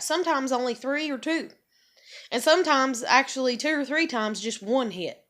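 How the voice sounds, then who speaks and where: A woman's voice: high voice, normal speed, fairly bright tone. A woman, venting in an angry, profane confessional rant to camera. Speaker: vlogger.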